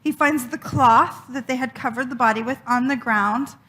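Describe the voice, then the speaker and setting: A woman minister giving a sermon, retelling a story dramatically with expressive, emphatic repetition. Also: high-pitched, moderate pace.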